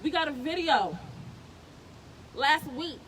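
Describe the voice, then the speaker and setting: A woman's voice: high voice, lively intonation, slow. A woman giving an emotional speech at an outdoor protest, impassioned and insistent, repeating phrases for emphasis. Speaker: protest speaker, sister of the deceased. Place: outdoors on a city street. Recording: distant mic on a noisy street.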